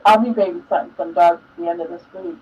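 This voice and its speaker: A woman's voice: on the low side, big pitch swings, fast talker, vocal fry, a little mellow, slightly rough. An older woman hosting a live stream, chatting casually and emotionally and laughing often. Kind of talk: casual chat. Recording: dull lo-fi sound, distant from mic.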